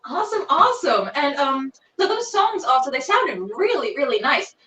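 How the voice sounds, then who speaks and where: A woman's voice: sits high, big pitch swings, moderate pace, sharp tone. A woman hosting a casual interview over a video call, bubbly and exclamatory with loose fillers. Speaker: podcast host. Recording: roomy, distant, dull video-call audio.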